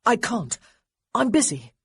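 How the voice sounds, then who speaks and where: A woman's voice: fairly high pitch, big pitch swings, a little slow, slightly rough, no room sound, studio quality, voice pushed up, heavily acted. A woman voicing an awkward, flustered twelve-year-old boy who blurts out his words.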